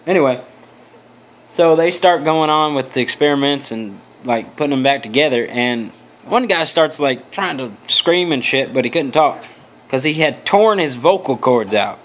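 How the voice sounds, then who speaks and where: A man's voice: mid-range voice, lively intonation, normal speed, fairly bright tone. A young adult man vlogging, telling a story in a loose, rambling way with crude, profane jokes and asides. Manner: loose, meandering, many restarts.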